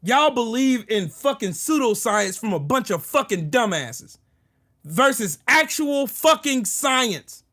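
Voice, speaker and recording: A man's voice: very high voice, sing-song, takes it slowly, pushed and bright. A man hosting his own political commentary video, ranting angrily and profanely, full of sarcasm and repeating short phrases for emphasis. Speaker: political commentary channel host.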